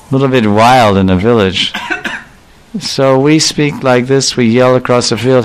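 A man's voice: mid-range voice, unhurried, slight background noise, low-quality recording. A man giving a devotional sermon, explaining verses and animatedly acting out the voices of the figures he describes. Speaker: religious speaker.

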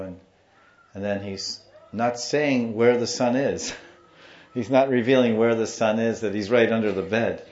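Brief: low-voiced male spiritual teacher, animated storyteller, dull roomy recording. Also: normal speed. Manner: animated storyteller, acts out the people in his story. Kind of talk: devotional storytelling lecture.

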